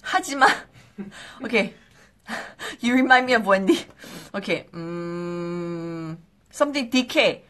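Bright bubbly woman hosting a live stream. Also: mid-range voice. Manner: bubbly, excitable, quick apologetic asides. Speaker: host of a live skincare quiz stream. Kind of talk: casual live-stream chat.

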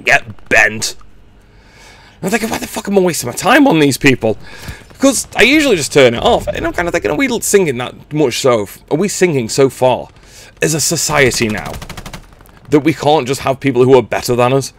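A man's voice: mid-range voice, sing-song, fairly quick, a bit bright. A middle-aged man gives a blunt, sweary rant as gameplay commentary. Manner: sweary, blunt, exasperated ranting. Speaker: gaming channel host.

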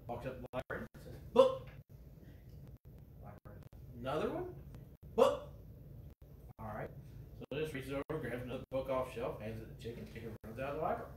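A man serving as pastor, with a Midwestern American accent, telling a homespun joke and reading church announcements in a relaxed manner. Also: mid-range voice, rapid-fire, slight background noise. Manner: relaxed, homespun, fond of "you know". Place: church sanctuary. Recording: echoey church heard from a distance.

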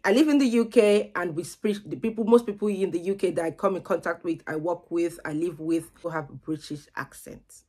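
A young woman talks casually to her camera. Her voice sits a little low, and she chats loosely, often repeating words as she goes. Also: a little fast, few pauses, mellow, breathy edge. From Nigeria. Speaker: vlogger.

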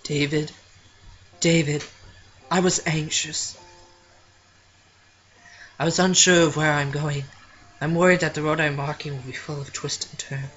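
A man voicing an anxious, apologetic young woman in a video game, reading haltingly. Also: a little high, little pitch movement, fairly bright tone, faint music behind. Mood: remorseful.

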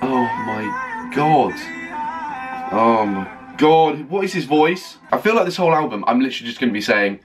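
A man reacting to an album on a first listen, gushing and excitable, stopping often to rave about what he hears. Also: mid-range voice, moderate pace. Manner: gushing, excitable, full of "oh my God" and "like". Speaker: music reaction vlogger. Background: faint music playing.

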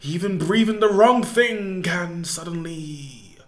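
A grave hospital doctor, played by a woman who pushes her voice low to sound like a man. He is slow and solemn and reports doom as plain fact.

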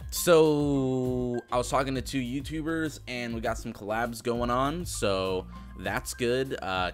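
A man's voice: on the low side, a bit bright. A young man ranting casually in a vlog, swearing a lot, with an exasperated, sarcastic manner. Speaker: vlogger.

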